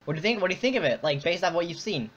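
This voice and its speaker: A man's voice: high-pitched, expressive, racing, fairly bright tone. A man hosting a casual online chat, rambling with lots of fillers and restarts. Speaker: podcast host. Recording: dull lo-fi audio.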